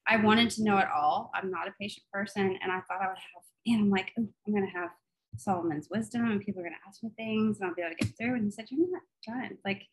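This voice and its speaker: A woman co-hosting a faith podcast, telling a personal story with lots of laughter and then praying in a soft, earnest voice. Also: mid-range voice, fast talker, poor audio. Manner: animated storytelling, laughs often, turns soft and earnest in prayer. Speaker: podcast co-host. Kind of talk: faith podcast chat and prayer.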